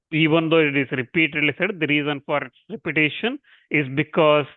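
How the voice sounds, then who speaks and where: A man teaching scripture in a lecture, explaining step by step with repetitions and halting restarts, and reciting verses slowly. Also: medium pitch, no echo. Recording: tinny phone-like dry sound.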